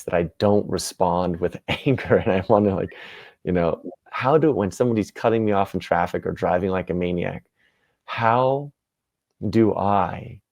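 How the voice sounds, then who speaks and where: A man in his thirties, a guest in an interview, telling stories in an animated, self-deprecating way. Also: sits low, no echo. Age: 30s. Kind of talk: casual interview storytelling.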